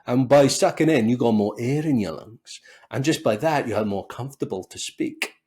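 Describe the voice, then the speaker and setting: A man from Wales with a softened Welsh accent, a speaking coach talking as a podcast guest in an animated, expressive way, acting out quotes as he tells stories. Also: mid-range voice, moderate pace. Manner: animated, expressive storyteller who acts out quotes. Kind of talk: conversational interview.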